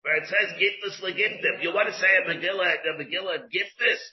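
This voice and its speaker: A man's voice: high voice, fairly quick. A man, a rabbi, teaching a Talmud lesson who mixes English with Hebrew and Aramaic study terms and restates each point. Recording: dull lo-fi recording.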